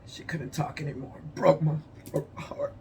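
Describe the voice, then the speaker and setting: A man telling a personal story as unscripted testimony, emotional and halting, repeating his phrases and sighing. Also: a little high, flat delivery, vocal fry, noisy background. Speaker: vlogger sharing a personal story.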